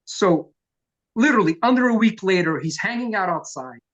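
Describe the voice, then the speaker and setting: A middle-aged man, a punk vocalist telling profane, lively stories in an oral history interview. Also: sits high, normal speed, muffled recording. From New York. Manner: profane, animated storyteller who acts out quotes.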